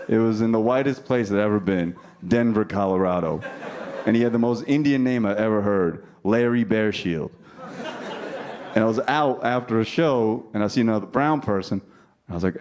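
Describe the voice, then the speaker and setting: Brash stand-up comedian in a noisy club. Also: male voice, lowish voice, moderate pace, a little mellow. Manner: brash, punchy storytelling.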